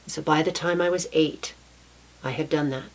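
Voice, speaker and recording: A woman recounting her own childhood story in a soft-spoken, reflective way, with small restarts. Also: low voice, fairly even intonation, moderate pace. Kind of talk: personal storytelling.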